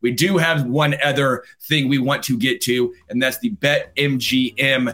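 Animated male sports podcast co-host. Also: mid-range voice, faint music behind. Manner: rapid-fire ad reading, animated ranting. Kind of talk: casual sports chat and read ad.

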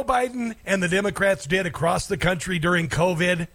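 A man's voice: sits high, normal speed, hardly any pauses, fairly bright tone. A man hosting a political talk show, speaking in a sarcastic, scornful way and cutting in on played clips. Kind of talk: combative commentary over clips.

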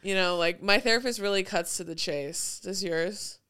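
Chatty young woman, bright clear voice. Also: mid-range voice, normal speed. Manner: chatty, heavy use of "like", laughs often. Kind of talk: casual chat.

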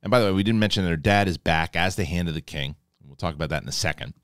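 A man hosting a spoiler review of a TV episode, talking excitably, swearing casually and acting out scenes. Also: low-pitched, racing, clear, resonant tone, no room sound, studio quality. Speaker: TV review show host. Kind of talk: animated spoiler review talk.

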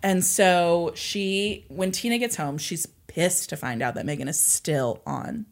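A woman's voice: fairly low pitch, measured pace, creaky. A woman co-hosting a podcast, retelling a story at length with many "like"s and "and so"s. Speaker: podcast co-host.

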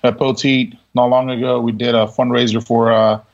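A man, a military veteran, telling stories in a relaxed interview, laughing often and acting out what people said. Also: medium pitch, normal speed, muffled recording. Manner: laid-back, laughing, full of quoted dialogue. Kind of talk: casual storytelling interview.

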